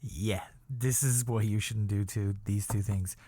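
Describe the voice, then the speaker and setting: A podcast host speaks in a lowish, mellow voice with fairly even intonation and no echo. His comedic story rambles and repeats itself, restarting and building up slowly while he keeps checking in with "okay?"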